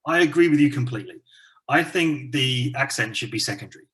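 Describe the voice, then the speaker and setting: A man from England talks through an interview as an English teacher and trainer. His voice sits mid-range in pitch, and he sounds relaxed and chatty, leaning on easy fillers as he explains his views. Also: brisk. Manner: relaxed, chatty, frequent fillers like "you know". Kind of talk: casual interview conversation.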